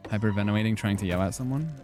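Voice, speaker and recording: A young man with a low, mellow voice talks casually while streaming a game. He rambles through his thoughts with constant fillers and self-deprecating jokes, and faint music plays behind him. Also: racing. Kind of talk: casual gaming stream chat.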